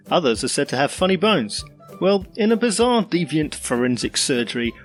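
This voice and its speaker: A man hosting a comedy podcast, reading a pun-filled intro and asking questions, laughing often. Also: on the high side. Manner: wordplay-heavy, laughs often. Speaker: podcast host. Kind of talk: scripted podcast intro, then interview questions.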